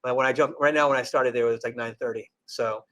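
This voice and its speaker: A man's voice: medium pitch, fairly even intonation, fast, noisy background. A man, a restaurant general manager, chatting casually in an interview and acting out customers' lines as he tells stories. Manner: rambling storyteller, acts out customers' lines.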